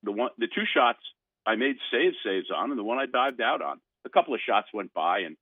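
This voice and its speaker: On a sports radio show, an older male guest spins a lengthy tale over a dry phone line, with no echo. His husky, medium-pitched voice moves a little fast, and he animatedly restarts again and again.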